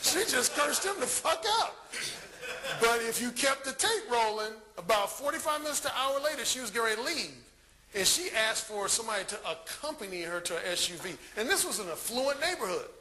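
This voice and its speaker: A man giving a live conference talk as a dating coach, telling crude stories in an animated way. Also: sits high, fast talker.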